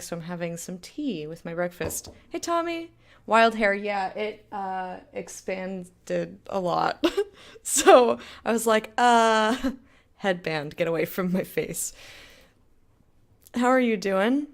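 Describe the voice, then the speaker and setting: A woman's voice: mid-range voice, unhurried, gravelly. A young woman chatting casually with her stream viewers while gaming, rambling, laughing often and going off on tangents. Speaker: game streamer.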